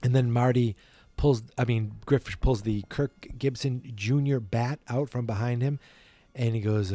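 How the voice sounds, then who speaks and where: A man hosting a podcast who recounts a film from memory in a rambling, playful way, often stopping to correct himself. His voice is mellow and darkish, at a middle pitch for a man. The recording is dry and close to the mic. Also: animated, normal speed, no room sound. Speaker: podcast host. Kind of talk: casual retelling from memory.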